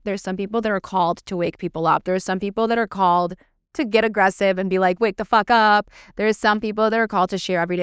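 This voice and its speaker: A woman's voice: lowish voice, smooth, dry recording, studio quality. A woman in her thirties hosting a solo podcast, talking in a blunt, emphatic way and swearing freely. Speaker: podcast host. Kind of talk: monologue podcast.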